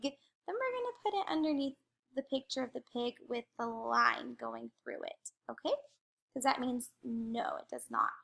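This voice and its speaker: A young adult woman teacher slowly modeling letter sounds in a phonics lesson. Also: high-pitched, creaky, fairly bright tone. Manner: slow, careful modeling of sounds.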